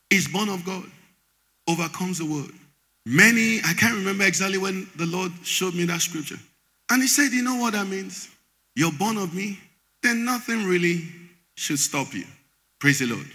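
A pastor preaches a sermon in a large church hall, quizzing the congregation so they fill in his words. His voice is high-pitched with a sharp tone, and the hall makes the recording echoey.

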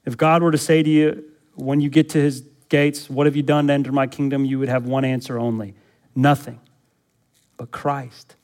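A pastor preaching a sermon in a church, asking the congregation rhetorical questions and building to loud, urgent exhortation. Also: male voice, mid-range voice, level tone, normal speed.

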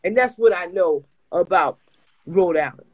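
Woman, Jersey accent, husky, animated, laughing, casual storytelling. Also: on the low side, unhurried, rough recording. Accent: New Jersey. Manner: animated, acts out voices, laughs often. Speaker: co-host. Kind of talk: storytelling chat, comic crime anecdote.

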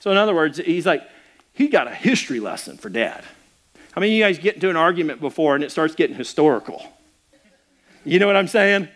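A middle-aged man with a high voice preaches a sermon as a pastor. He talks in a loose, conversational way, stumbling and restarting as he goes. He acts out the people in his story with lively, animated delivery. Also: fast. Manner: animated storytelling with acted-out quotes.

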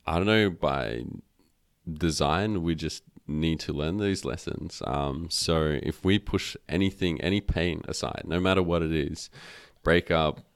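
A man's voice: a bass voice, unhurried, clear, resonant tone, dry recording. A man, a podcast guest, talking casually and rambling with many fillers and restarts. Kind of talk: casual conversation. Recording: dry close-miked sound.

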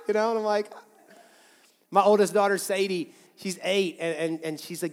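A man's voice: high voice, fairly even intonation, fast talker, in a large hall. A man in his thirties, a pastor, preaching a sermon in a candid, conversational way, often restarting his phrases. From United States. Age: 30s. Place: church sanctuary with long reverb.

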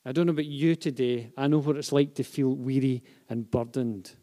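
A man preaching a sermon to a congregation, swinging from hushed, intimate phrases to loud, repeated emphasis. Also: mid-range voice, moderate pace. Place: church hall with a live and online congregation. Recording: long reverb of a large hall.

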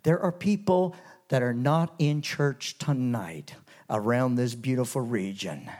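A Canadian man preaches a revival sermon in church at an unhurried pace, sinking to hushed lows before rising to loud, soaring highs.

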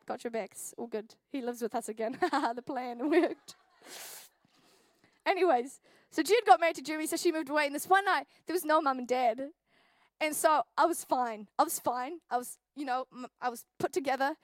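A young woman, preaching a church sermon and telling a funny personal story with animated, jokey delivery. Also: high voice, no room sound. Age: 20s. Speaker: youth pastor. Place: church hall.

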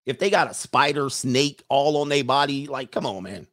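A man's voice: medium pitch, fairly bright tone, no echo. Dry-sounding joking male livestream host. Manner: joking, laughs often, mimics other people in quick bits. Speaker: livestream host reading viewer messages. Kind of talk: casual livestream chat.

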